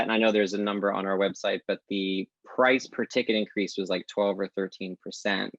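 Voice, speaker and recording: A man speaking as a guest in a casual podcast conversation, telling stories lively and acting out quoted dialogue. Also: on the low side, no echo. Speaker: guest, tech company founder. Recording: dull lo-fi dry sound.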